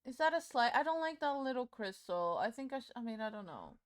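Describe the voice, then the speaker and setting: A woman streamer talks to her chat in a loose, theatrical way, swearing and laughing often. Her voice sits a little high for a woman. The delivery is unscripted and chatty. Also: big pitch swings. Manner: dramatic, swearing, quick to laugh. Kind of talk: casual live-stream chat.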